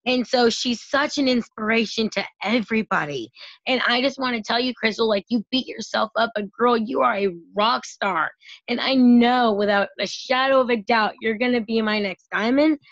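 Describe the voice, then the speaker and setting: A woman's voice: a little high, moderate pace, fairly bright tone, no echo, lo-fi sound. A woman team leader giving an emotional, effusive tribute in a folksy, heartfelt way. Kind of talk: heartfelt tribute on a video call.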